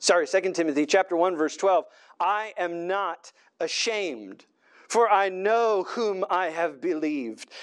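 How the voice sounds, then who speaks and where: High-voiced man preaching with dramatic emphasis. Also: clear, resonant tone. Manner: dramatic swings from soft to loud emphasis. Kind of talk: expository sermon.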